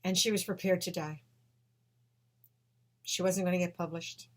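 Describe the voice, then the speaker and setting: A woman telling a personal story with emotion, swinging between hushed and loud. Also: on the low side, steady tone, normal speed.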